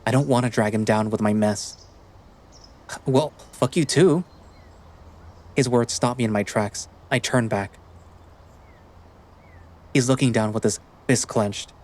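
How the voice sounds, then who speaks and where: A man giving steady, introspective first-person narration of a visual novel. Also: lowish voice, moderate pace, long pauses.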